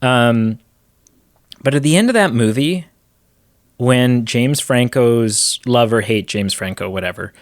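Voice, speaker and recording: A man co-hosts a podcast, talking through movies in a loose, excited ramble full of restarts. His voice sits at a middle pitch. The sound is dry and close. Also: measured pace, no room sound. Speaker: podcast co-host. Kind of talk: casual movie chat.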